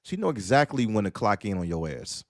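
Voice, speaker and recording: A man's voice: fairly low pitch, very animated, fairly quick, no room sound, clean studio sound. A man talking on a streamed panel discussion, telling stories bluntly and preaching with profanity. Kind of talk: casual streamed panel talk.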